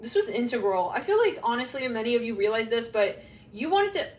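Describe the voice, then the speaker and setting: A woman giving a casual, rambling psychic tarot reading, full of fillers and quick asides, sometimes laughing at herself. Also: a little high, big pitch swings. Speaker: tarot reader. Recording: echoey room, faint background hum.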